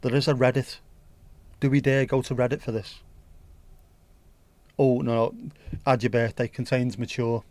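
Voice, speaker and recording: Man, mild Scouse accent, livestream host, cheeky joking banter, rambling, mid pitch, dry close sound. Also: little pitch movement, normal speed, pauses often, a little mellow, no echo. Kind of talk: casual livestream chat.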